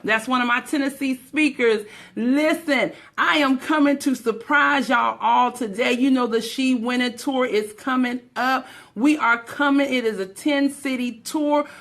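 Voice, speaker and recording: A woman hosts a live stream, calling out viewers by name with a lot of energy. Her voice sits high and sounds bright and forceful. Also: a little slow. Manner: energetic, greets viewers by name, hyping the crowd. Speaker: host of a live-streamed motivational show. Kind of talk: live-stream hype talk.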